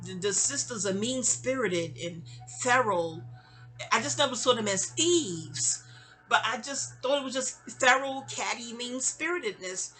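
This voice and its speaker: A woman in her fifties telling a long, rambling personal story, animated and digressive, with frequent exclamations. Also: on the high side. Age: 50s. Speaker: vlogger.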